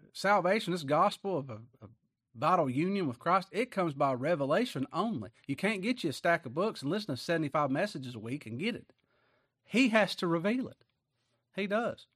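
Man, preacher, conversational sermon, fairly high voice, dry sound. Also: no room sound. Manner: conversational preaching with rhetorical questions.

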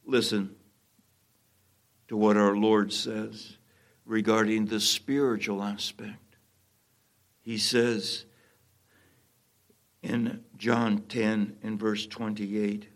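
Male pastor, sermon delivery, unhurried and emphatic, repeats key lines. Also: fairly low pitch, level tone. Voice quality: emphatic, repeats phrases for stress. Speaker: preacher.

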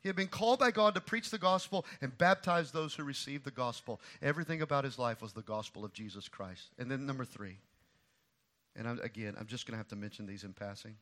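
A middle-aged man preaching a sermon as pastor, swinging from quiet asides to loud, repeated emphatic lines. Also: mid-range voice, quick pace.

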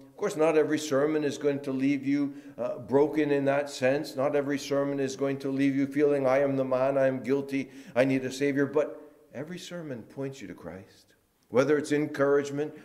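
A man preaching a sermon in a church, moving between loud emphatic lines and quiet, hushed ones. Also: mid-range voice. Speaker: pastor.

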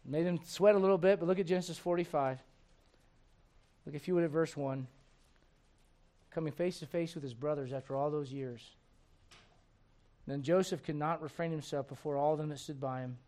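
A middle-aged pastor delivers his sermon in a folksy, animated manner, his voice sitting a touch higher than most men's. He swings from quiet, confiding stretches to lively acted-out asides. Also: normal speed, pauses often.

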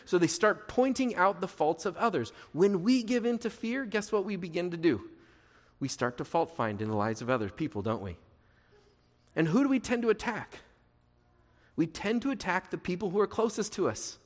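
A man's voice: sits high, expressive, normal speed, in a large hall. A pastor preaching a sermon, repeating his key phrases and asking the congregation questions.

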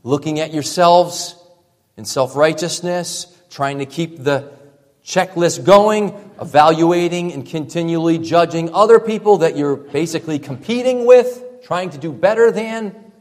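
A male pastor preaching a sermon, emphatic, dropping to a hush for effect and piling up repeated phrases. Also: on the high side, measured pace. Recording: long reverb from a large hall.

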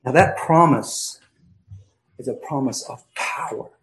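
A male pastor preaching an emphatic sermon, slowing down and swinging between loud stresses and quiet asides. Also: medium pitch, a little hiss or hum, low-quality recording. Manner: emphatic preaching with dramatic pauses and swings in volume.

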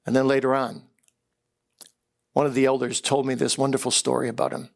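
Earnest male preacher with gravelly voice. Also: medium pitch, a little fast. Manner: earnest storytelling, repeats words when excited. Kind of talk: chapel sermon. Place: chapel service.

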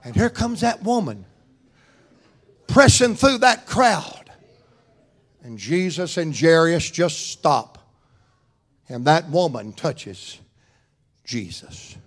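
A man preaching a church sermon, swinging between loud fervent cries and quiet, soft-spoken stretches. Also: on the high side, big pitch swings, slow, long pauses. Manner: fervent preaching with rising shouts and soft drops.

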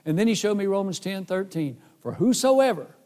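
A man's voice: high-pitched, fairly even intonation, quick pace, mellow. A man preaching a sermon, earnestly telling his own testimony and acting out the dialogue. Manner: earnest, emotional, acts out dialogue. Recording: hall reverb.

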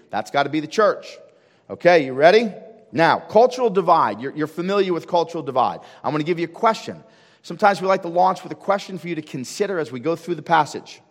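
Pastor, male, slightly high voice, punchy rhetorical sermon delivery, long church-hall reverb. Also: animated, a little fast. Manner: emphatic preaching with rhetorical questions, rising to loud fervor. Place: church sanctuary with congregation.

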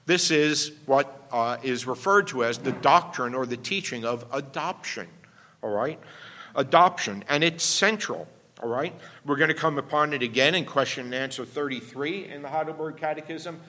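A man's voice: mid-range voice, normal speed, bright, forceful tone. A man pastor delivering a teaching sermon, explaining step by step and often checking in with "all right?". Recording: long hall reverb.

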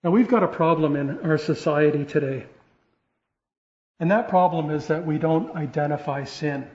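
A man preaching with earnest, rising emphasis and frequent restarts. His voice sits a little high for a man and carries a roomy echo. The recording is dull and lo-fi. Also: moderate pace, darkish tone. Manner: earnest, repeats and restarts phrases, rising emphasis on key points. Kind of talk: sermon. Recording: echoey room, dull lo-fi sound.

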